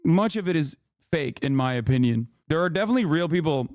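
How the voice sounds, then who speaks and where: A man's voice: a little high, lively intonation, fast talker, a little mellow, no echo, clean studio sound. A man streaming from home, ranting and mocking his chat in a profane, casual commentary.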